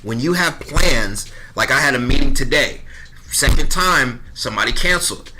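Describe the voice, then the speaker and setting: Against a noisy background, a podcast guest in his thirties tells a story at normal speed in an animated, medium-pitched voice. He's blunt and swears freely in the casual chat, acting out both sides of conversations.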